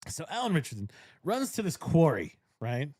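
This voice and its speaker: A man with a husky, mellow voice hosts a casual podcast chat and retells a film scene by scene. He is animated and profane and laughs easily, and his voice sounds dry and close to the mic. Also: a little high, normal speed, no room sound. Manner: animated storyteller, acts out characters, swears freely, laughs often. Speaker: podcast host. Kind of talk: casual chat, recapping a movie. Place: cigar lounge podcast studio.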